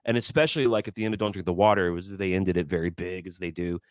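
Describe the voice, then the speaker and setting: A man in a casual podcast chat, telling stories as a guest musician, animated and stumbling over repeated words as he talks. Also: deep voice, rapid-fire, no echo, studio quality.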